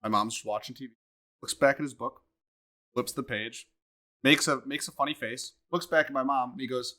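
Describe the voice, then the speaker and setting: A young man, a student co-hosting a podcast, telling a family story in a quiet, deadpan way. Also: medium pitch, normal speed. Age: young adult. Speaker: podcast co-host. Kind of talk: casual chat.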